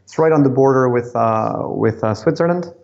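A man with a French accent answers interview questions in a friendly, thoughtful way, often pausing to find words. His pitch is ordinary. The sound is a little dull and lo-fi, as if over a remote line. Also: creaky, a little mellow. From France, Paris suburbs. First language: English and French. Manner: thoughtful, friendly, many ums. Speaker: guest, company CEO. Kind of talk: casual podcast interview.

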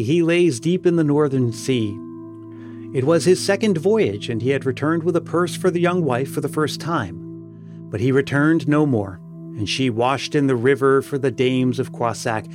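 A man's voice: medium pitch, close to an everyday voice. A man voicing the mournful ghost of an old fisherman of sixty in a gothic story. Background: music.

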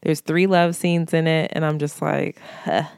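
A frank, giggly woman co-hosts a casual podcast, her voice sitting fairly low. The sound is close and dry, with no room around it. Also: level tone, measured pace, vocal fry, a little mellow, clean tone, dry recording. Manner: frank, giggly, swears freely. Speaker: podcast co-host. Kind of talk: casual chat.

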